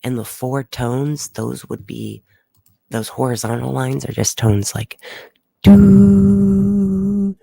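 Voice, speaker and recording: A man's voice: medium pitch, fairly even intonation, measured pace, creaky, a little mellow, no room sound. A man hosting a weather livestream, explaining at length and rambling with fillers and restarts, close to his microphone.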